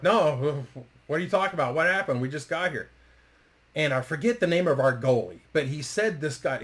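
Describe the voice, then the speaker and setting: A man with a mid-range voice tells a story casually and animatedly, swearing freely and acting out what people said.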